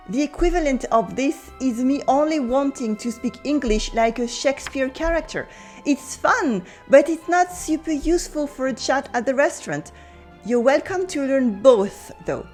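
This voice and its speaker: A woman with a French accent, a French teacher giving a playful, cheeky online language lesson. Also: on the high side. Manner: lively, playful, cheeky asides.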